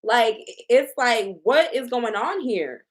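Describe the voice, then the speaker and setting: A woman talks through a tarot reading in a loose, casual way. Her pitch moves around a lot. She leans on repetition and swearing to make her points hit hard. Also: expressive, slow, slight background noise. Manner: emphatic, repetitive, profane. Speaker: tarot reader.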